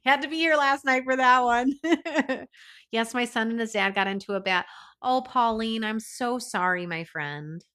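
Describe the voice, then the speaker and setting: A woman hosting a relaxed livestream, talking straight to her viewers. She keeps reading out their names and comments and laughs often between lines. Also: on the high side, measured pace. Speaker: livestream host. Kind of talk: casual livestream chat with viewers.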